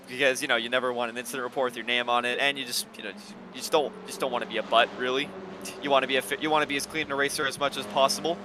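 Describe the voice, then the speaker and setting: A man doing live sim racing commentary, excitable and getting loud in close battles. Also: medium pitch, very fast, noisy background. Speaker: race commentator.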